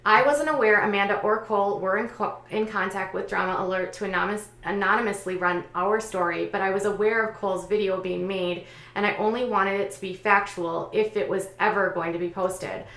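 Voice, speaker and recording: A woman host recounting online gossip and reading out posts, in a conversational way with frequent pauses and fillers. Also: mid-range voice, fairly even intonation, a bit bright, reverberant. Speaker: commentary channel host.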